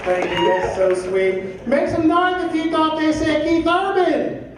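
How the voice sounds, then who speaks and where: A man's voice: very high-pitched, measured pace, noisy background. A middle-aged man performing a live stand-up set, joking loosely and working the crowd. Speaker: stand-up comedian. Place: comedy club stage. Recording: echoey club from a distance. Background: audience laughter.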